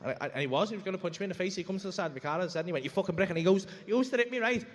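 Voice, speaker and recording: A man's voice: sits high, expressive, racing, in a large hall. A young man telling a rambling, sweary stand-up story on a comedy club stage. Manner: brash, sweary, rambling anecdote full of asides.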